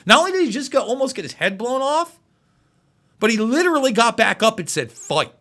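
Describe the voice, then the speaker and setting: Man, live news commentary host, high lively voice, bright tone, emotional, stammering restarts. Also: brisk. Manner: emotional, repetitive, stumbles over words.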